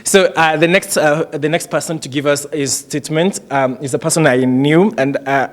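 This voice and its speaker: A man's voice: on the high side, fairly even intonation, normal speed. A man hosting a graduation ceremony, joking and hesitant with many fillers. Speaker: ceremony host.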